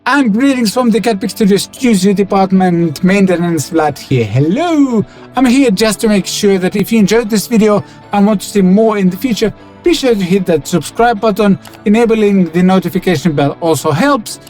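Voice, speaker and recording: A man voicing a cheerful male maintenance worker who delivers an upbeat, brisk channel sign-off. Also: sits high, expressive, a little mellow, faint music behind. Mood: chipper.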